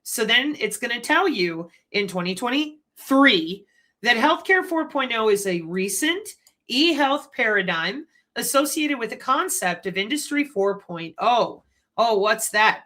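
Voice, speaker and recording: A woman hosting her own channel, lecturing in an animated way and asking rhetorical questions. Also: medium pitch. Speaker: channel host. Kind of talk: commentary.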